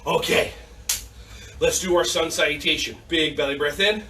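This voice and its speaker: A man's voice: on the high side, normal speed. A man leading a children's yoga class, giving playful, upbeat instructions and making silly animal sounds, recorded on a distant camera mic. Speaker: kids' yoga teacher. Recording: distant mic, faint background noise.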